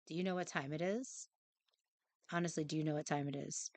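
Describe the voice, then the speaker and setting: A woman's voice: low voice, fairly even intonation, a little fast, a little mellow, no room sound. Woman voicing her bossy old pet cat. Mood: impatient. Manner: bossy, impatient, pleading for treats. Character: sassy demanding sixteen-year-old female cat.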